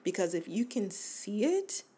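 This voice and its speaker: Earnest, slow-talking woman podcast host. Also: medium pitch, big pitch swings, warm tone, husky. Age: 40s. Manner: earnest, encouraging, many fillers and restarts. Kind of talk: casual self-help podcast monologue.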